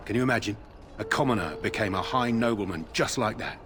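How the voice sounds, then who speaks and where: An actor playing a chatty, loyal soldier guarding a tent in a game. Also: male voice, fairly low pitch, quick pace, close to an everyday voice. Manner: gossipy, admiring.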